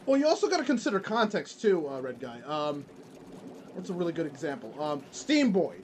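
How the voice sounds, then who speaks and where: A man's voice: on the high side, sing-song, a little fast, darkish tone, slight background noise. A man streaming and chatting casually while he plays a game, rambling with lots of fillers and restarts. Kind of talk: casual chat while gaming.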